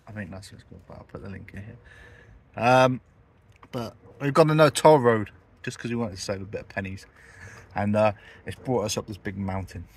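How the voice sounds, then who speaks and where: A man's voice: lowish voice, fairly quick, slightly rough. A young man chatting casually to viewers in a travel vlog, rambling and joking. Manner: rambling, jokey, talks to viewers. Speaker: vlogger.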